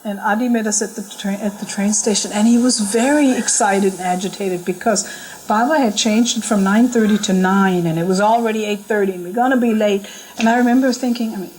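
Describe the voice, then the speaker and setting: A middle-aged woman telling a personal story in a casual, lively way, laughing often and acting out what others said. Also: mid-range voice, brisk, slight background noise, low-quality recording. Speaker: storyteller recalling a spiritual journey. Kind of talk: casual spoken memoir. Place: talk at a spiritual center.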